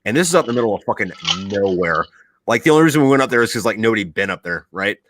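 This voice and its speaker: A man hosting a podcast who is a military veteran, telling profane, animated stories in casual chat. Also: on the low side, very fast, slight background noise.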